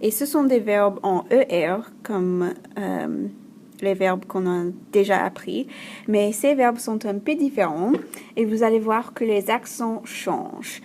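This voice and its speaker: A woman teaching a French grammar lesson, explaining slowly and clearly with frequent fillers. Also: medium pitch, dark tone, a little hiss or hum. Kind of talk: recorded classroom lesson.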